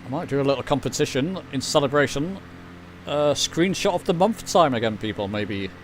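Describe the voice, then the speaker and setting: Here the man's mid-range voice has lively intonation and a fairly quick pace, against slight background noise. He chats casually through his flight simulator stream, rambling and reading chat out loud.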